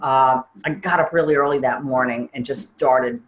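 Her voice very deep and steady in tone, an older woman offers an earnest, halting interview testimony, repeatedly restarting sentences. The high frequencies in the recording are cut off.

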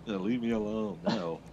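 A man's voice: on the low side, highs cut off, very noisy. A man chatting casually over a multiplayer game, often exclaiming in disbelief. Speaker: gamer.

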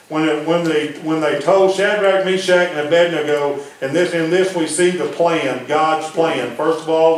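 A man preaching a folksy sermon as pastor, dropping his voice low to press a point. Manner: folksy preaching, drops to near-whisper for emphasis. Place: church hall. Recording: very echoey room from far off, faint noise.

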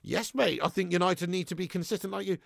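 A young man hosting a live football watch-along, chatting with viewers in a laddish, sweary way and breaking into shouts at big moments. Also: sits high, fast, vocal fry, no room sound, clean studio sound. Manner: laddish banter, swears freely, reads chat aloud, bursts into shouts. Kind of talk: live stream chat and commentary.

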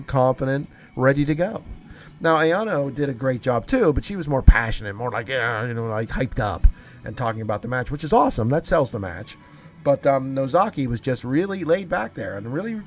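Chatty solo wrestling commentator, a man. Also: medium pitch. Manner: enthusiastic, chatty, talks straight to viewers.

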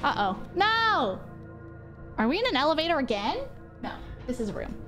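A young woman streaming a horror game from her home office, excitable and jokey, swearing and jumping into squeals. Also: sits high, fast talker, faint music behind. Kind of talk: live gameplay commentary.

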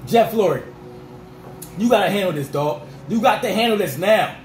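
Fired-up ranting man, high voice. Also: lively intonation, moderate pace, reverberant, slight background noise, low-quality recording. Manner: fired-up, repetitive, peppered with 'freaking' and 'dog'. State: voice going rough. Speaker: sports fan vlogger. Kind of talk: ranting sports reaction.

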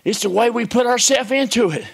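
A man preaching a sermon in a church service, folksy and full of rhetorical questions, swinging between hushed whispers and shouts. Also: very high voice, brisk, creaky, slightly rough.

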